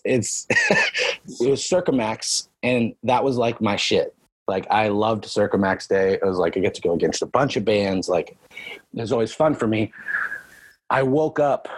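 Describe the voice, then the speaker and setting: Husky guy spinning lifting stories, swears a ton, gets loud acting out his yelling. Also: on the low side, no echo. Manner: animated storyteller, heavy swearing, acts out his own shouting. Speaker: powerlifter telling gym stories. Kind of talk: casual podcast chat.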